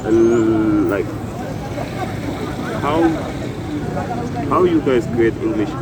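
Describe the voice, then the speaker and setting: A man from the audience puts a question slowly and quietly. He is heard from a distance, and loud crowd noise surrounds him. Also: fairly low pitch, expressive. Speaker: audience member asking a question.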